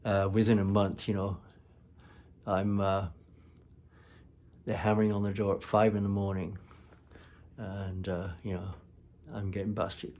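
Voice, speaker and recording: A man's voice: deep voice, little pitch movement, darkish tone. Rambling man telling a personal story. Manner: rambling, halting, many fillers and restarts. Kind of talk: casual storytelling.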